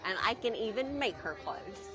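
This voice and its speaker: A woman's voice: on the high side, animated, moderate pace. A woman with a Southern American accent, a collector guest talking enthusiastically and emphatically in a live TV interview. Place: indoor collectibles show. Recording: event music and crowd behind.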